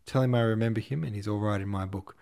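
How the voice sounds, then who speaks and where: A man doing a gruff, barking old prince. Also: fairly low pitch, fairly even intonation, warm tone. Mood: brusque. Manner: brusque, quick, barking.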